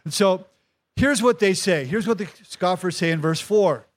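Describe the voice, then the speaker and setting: A man's voice: high-pitched, moderate pace. A male pastor preaching a sermon to his congregation, emphatic and repetitive, calling out to the crowd for responses. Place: church service in a tent.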